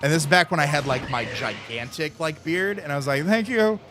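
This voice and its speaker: A man's voice: fairly high pitch, brisk, over music. A man in his thirties, a streamer, telling a rambling casual story full of fillers and little acted voices. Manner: rambling, lots of fillers, acts out friends' voices.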